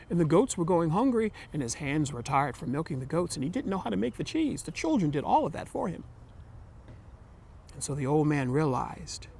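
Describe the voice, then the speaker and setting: A man telling a folktale for all ages as a storyteller, gentle and expressive. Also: a little high, vocal fry, slight background noise.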